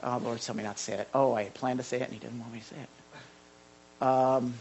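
A male pastor preaching a sermon in an animated way, repeating words and adding asides. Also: medium pitch, fairly quick, gravelly, a little hiss or hum.

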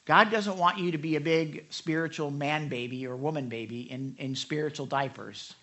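A male pastor delivers a sermon in a bright, somewhat high voice. He talks conversationally, with restarts and asides to the congregation. When he quotes people, he lifts his voice and acts the lines out. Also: normal speed. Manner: animated storytelling, acts out quotes with raised pitch.

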